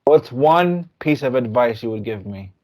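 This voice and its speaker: Slow-spoken podcast host. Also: male voice, medium pitch, expressive, a little mellow. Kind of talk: interview questions.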